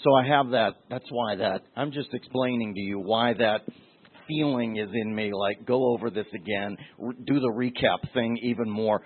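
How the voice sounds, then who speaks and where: A middle-aged man pastor preaching a teaching sermon, deliberate, with restarts and asides. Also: on the low side, husky. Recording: tinny phone-like sermon recording.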